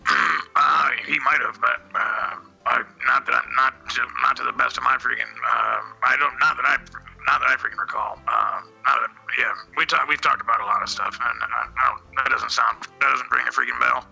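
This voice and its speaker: A man's voice: medium pitch, steady tone, moderate pace, creaky, bright, forceful tone, slightly rough, soft background music, poor audio. A man co-hosting a comedy podcast, stammering and tripping over his own restarts. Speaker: podcast co-host.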